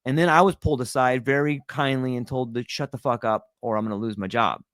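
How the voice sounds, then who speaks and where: A man's voice: mid-range voice, fairly even intonation, fast, a bit bright, clean tone, no room sound, studio quality. A middle-aged man telling a personal story in a candid, casual way, swearing freely and laughing often. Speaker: guest.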